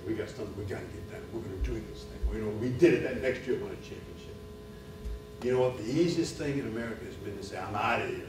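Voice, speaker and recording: A middle-aged man giving a sermon at a men's retreat, telling a personal story and building to loud preaching. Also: fairly low pitch, fast. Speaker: retreat speaker. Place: church retreat hall. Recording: echoey hall, far from mic, music behind.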